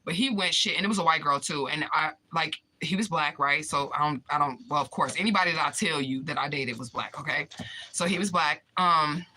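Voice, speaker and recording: A woman hosting a live stream who tells dating stories in a casual, profane and animated way and talks to her chat. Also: low voice, brisk. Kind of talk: casual storytelling vlog.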